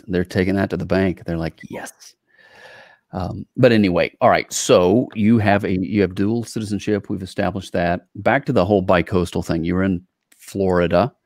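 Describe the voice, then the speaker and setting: A man's voice: deep voice, moderate pace, no room sound, clean studio sound. A man co-hosting a podcast, chatting loosely with many fillers and asides. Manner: relaxed, wordy, hedging with fillers. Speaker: podcast co-host. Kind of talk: casual interview chat.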